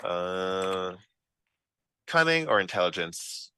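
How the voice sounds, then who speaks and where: A lower-pitched man with a bright, forceful tone runs a tabletop game as game master. His talk is relaxed and chatty, full of "um" and "like". The sound is dry and close, with no room echo. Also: slow pace, clean tone. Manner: relaxed, conversational narration with fillers.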